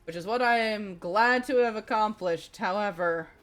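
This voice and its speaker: A woman livestreaming a game, chatting casually with her viewers, swearing often and reacting loudly as she plays. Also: medium pitch, normal speed. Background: faint game music.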